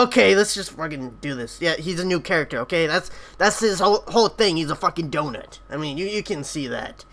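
Rambling, gravelly young-sounding gamer guy. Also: high-pitched, animated, moderate pace, fairly bright tone. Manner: rambling, with lots of fillers and swearing. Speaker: let's play host. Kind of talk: casual, profane gameplay chat.

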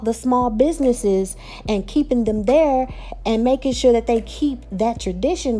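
A woman's voice: on the high side, dark tone. A woman with a Texas accent recapping and reviewing a reality show, chatty and opinionated, talking straight to her viewers. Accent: Texan.

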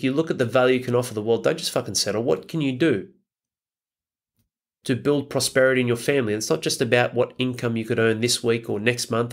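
A man hosting a podcast, giving a blunt, profane motivational monologue full of rhetorical questions. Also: mid-range voice. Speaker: podcast host.

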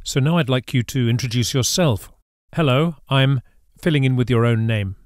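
Scripted Spanish-lesson narration comes from a man with a mid-range voice at normal speed, in clean studio sound lacking room noise. He patiently explains and says each example word carefully, modeling clear pronunciation.

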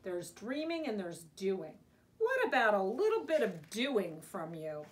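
A woman's voice: medium pitch, huge pitch swings, measured pace. A woman reading aloud as a hardworking, grumbling male mouse gardener in a storybook. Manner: grumbling, weary.

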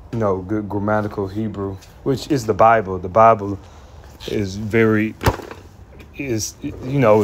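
A man's voice: fairly low pitch, a little mellow, a little hiss or hum. A man giving an informal spoken grammar lesson, often restarting and repeating himself as he explains. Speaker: Hebrew teacher.

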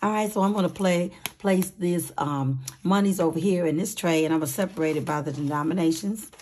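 A woman hosting a casual budgeting vlog, with a raspy voice and an upbeat, chatty manner, calling her viewers sweeties and honey. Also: on the low side, fairly quick, slight background noise. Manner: upbeat, excited. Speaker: budgeting channel host.

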